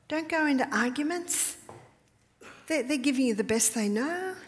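A woman's voice: high voice, expressive, moderate pace, a little hiss or hum. A woman, a mother of several children, telling stories to an audience at a health retreat. She often laughs and drops her voice to a whisper to stress a point. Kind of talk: storytelling talk to an audience. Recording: long hall reverb.

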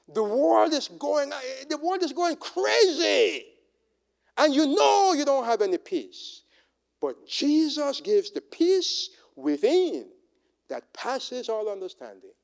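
High-voiced man preaching with wide swings. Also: very animated, slow pace, vocal fry. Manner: preaching with dramatic swings from whispers to shouts. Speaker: pastor. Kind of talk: sermon with altar call. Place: church sanctuary.

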